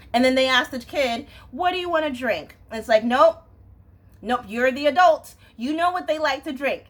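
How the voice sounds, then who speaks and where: Exasperated woman ranting, high voice. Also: a bit bright. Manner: exasperated, swearing, frequent "you know what I'm saying". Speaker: vlogger. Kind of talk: casual rant to camera.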